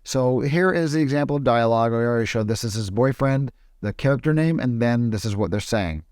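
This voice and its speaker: A man explaining film production in a casual, screen-recorded tutorial, often pausing and restarting his sentences. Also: mid-range voice, darkish tone, no echo, studio quality. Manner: hesitant, with frequent restarts.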